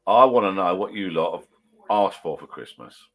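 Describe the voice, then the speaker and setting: A man's voice: low-pitched, lively intonation, moderate pace. Rambling, chatty man. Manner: chatty, rambling, self-correcting. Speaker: vlogger chatting with live viewers. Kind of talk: casual pub chat. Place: garden shed bar at home.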